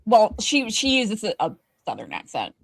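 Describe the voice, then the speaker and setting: A woman's voice: mid-range voice, wildly swooping pitch, moderate pace, creaky, no room sound. Emphatic woman, dry close sound. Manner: emphatic, frequent restarts. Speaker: podcast co-host. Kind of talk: casual chat reviewing a TV show.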